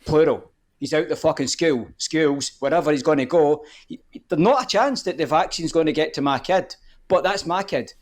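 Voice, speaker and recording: A man's voice: a little high, normal speed. A man, a guest on a live podcast, ranting heatedly and swearing often. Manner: fired up, swearing often, repeats "the whole point is".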